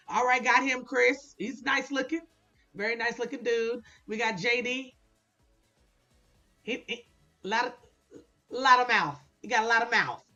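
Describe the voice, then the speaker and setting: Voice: medium pitch, normal speed, pushed and bright. Chatty vlogger with a blunt, swearing recap delivery, recorded on dull lo-fi audio with faint background music. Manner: chatty, blunt, laughs often, swears casually. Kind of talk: casual commentary.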